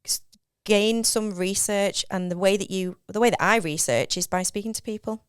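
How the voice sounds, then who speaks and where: A woman's voice: medium pitch, moderate pace, smooth, dry recording, clean studio sound. A woman on a podcast, speaking earnestly and reflectively in casual chat. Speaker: podcast co-host.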